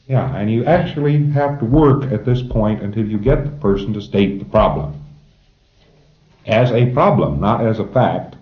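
Low-pitched guy lecturing a class, wry and emphatic, echoey muffled old recording. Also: animated, normal speed. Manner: emphatic, wry, chuckles at own jokes. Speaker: lecturer training auditors.

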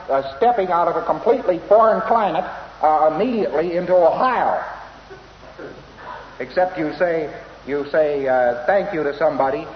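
Wry man lecturing in an echoey hall. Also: on the high side. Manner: wry, anecdotal, chuckling asides. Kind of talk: informal lecture. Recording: echoey hall, dull lo-fi old tape, faint hiss.

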